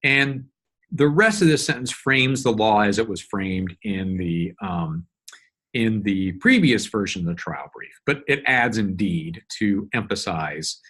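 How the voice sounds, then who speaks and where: A man teaching law in a recorded lecture, walking through a document in a measured, explanatory way with frequent fillers and restarts. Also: low-pitched, fairly bright tone, husky. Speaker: law instructor. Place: solo screen-recorded lecture.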